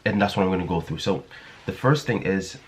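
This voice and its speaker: A man's voice: low voice, expressive, a little fast. A man hosting a casual music production tutorial, talking in a hesitant way with many fillers and restarts. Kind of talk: casual screen-recorded tutorial.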